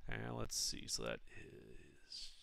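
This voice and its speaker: Bright-voiced man running a tabletop game. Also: rumbling low, slow pace, vocal fry. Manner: casual, relaxed rules talk with fillers. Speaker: game master.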